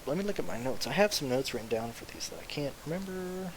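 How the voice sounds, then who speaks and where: A young man casually streaming about fantasy sports, rambling, excitable and swearing freely. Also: fairly high pitch, fast, poor audio. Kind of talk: casual live-stream chat. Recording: faint hiss.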